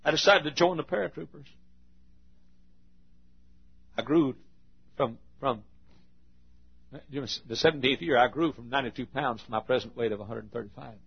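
A middle-aged male pastor preaching an intense sermon, swinging from shouts to hushed, near-quiet passages. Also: medium pitch, brisk, creaky, breathy edge, muffled recording.

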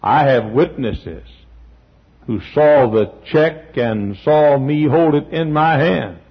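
Gravelly-voiced pastor preaching. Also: male voice, a little high, expressive, slow pace. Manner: storytelling, acting out quotes, frequent throat clearing. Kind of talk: sermon. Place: church. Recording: dull lo-fi sermon recording.

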